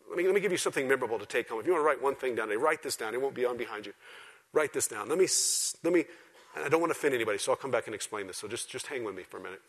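A man preaching a sermon to a church congregation, swinging from loud, emphatic exhortation to quiet, intimate asides. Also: medium pitch, animated, rapid-fire. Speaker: pastor. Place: church service before a congregation.

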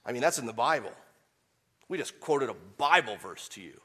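A man preaching a sermon, swinging from quiet, measured explanation to loud, impassioned peaks when he quotes scripture. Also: medium pitch, expressive, husky. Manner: impassioned preaching, rising to near shouts on quotes. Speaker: pastor.

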